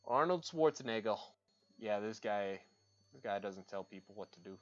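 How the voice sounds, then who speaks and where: A man's voice: lowish voice, lively intonation, normal speed, lo-fi sound. A man chatting casually while he paints on a livestream, ranting and swearing freely as he rambles from one opinion to the next.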